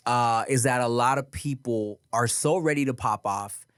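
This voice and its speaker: A man co-hosts a casual podcast, voicing strong opinions in slang and calling people dog and bruh. His mid-range voice is fairly bright and smooth at a moderate pace, recorded in clean studio sound with no room sound.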